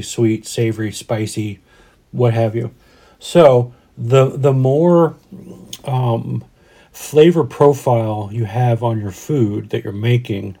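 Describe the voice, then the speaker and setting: A man's voice: medium pitch, mellow, husky. A man in his forties from Denver, co-hosting a casual podcast and talking in a rambling, reflective way with frequent restarts. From Denver, USA. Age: 40s. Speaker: podcast co-host. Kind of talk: casual chat.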